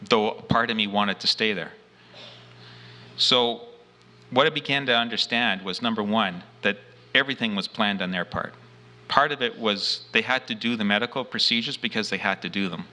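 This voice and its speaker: A man with a low-set voice and a bright, cutting edge to it tells his own story earnestly and with force. He leans into the key words and slips into the lines he spoke back then. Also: normal speed. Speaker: abduction experiencer. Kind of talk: first-person testimony.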